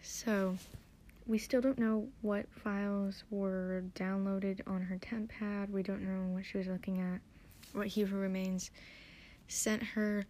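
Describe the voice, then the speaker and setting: A woman's voice: mid-range voice, little pitch movement, slow pace, dark tone, slight background noise. A tired woman hosting a podcast, recapping an episode in a rambling, hesitant, self-deprecating way. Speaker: podcast host.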